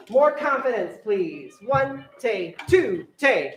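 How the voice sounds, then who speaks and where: A young woman orchestra teacher directing a string rehearsal, briskly counting off and coaching her players. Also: medium pitch, very animated, recorded from a distance, heavy background noise. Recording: echoey room, voice from afar, strings playing.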